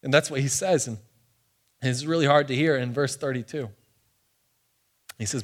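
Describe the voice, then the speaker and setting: A man preaching a sermon, swinging between excited, loud stretches and hushed, soft ones. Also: medium pitch, normal speed, pauses often. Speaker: pastor.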